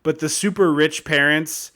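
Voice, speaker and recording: A man's voice: fairly high pitch, steady tone, normal speed, bright, forceful tone. A man co-hosting a podcast, giving emphatic, opinionated takes on a movie in casual chat. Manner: emphatic and opinionated, mocking impressions. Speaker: podcast co-host.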